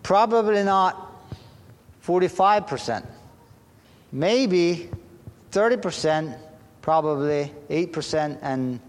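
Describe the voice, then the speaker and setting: A man preaching a sermon to a congregation, talking slowly and deliberately with halting restarts. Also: on the high side, lively intonation. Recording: long hall reverb.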